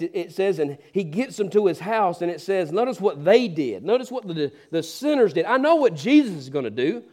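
A middle-aged man preaching a sermon, telling a story and acting out the voices of its characters, swinging between loud and hushed. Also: high-pitched. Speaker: pastor.

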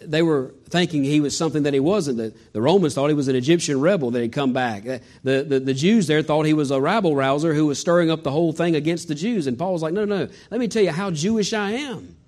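A pastor delivers a sermon in a voice pitched a little above the usual for a man. He preaches with animation, slipping into quoted voices and restarting phrases as he goes. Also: quick pace, few pauses, darkish tone.

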